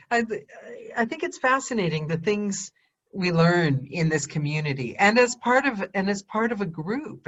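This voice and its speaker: Brief: woman host, casual and animated, frequent restarts, slightly lo-fi call sound. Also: lowish voice. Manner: chatty, animated, restarts often, laughs a lot. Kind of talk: casual interview chat.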